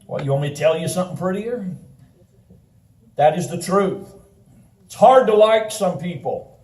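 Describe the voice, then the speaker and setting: A man preaching a sermon in a conversational, animated way, telling a personal story and laughing often. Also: sits high, normal speed. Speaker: pastor. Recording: roomy sound from a distant mic.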